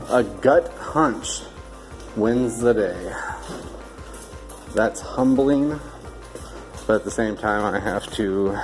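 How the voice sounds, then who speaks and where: A man hosting a vlog, giving casual commentary while unboxing a storage unit. He jokes, swears freely and thinks out loud. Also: lowish voice, poor audio. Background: background music.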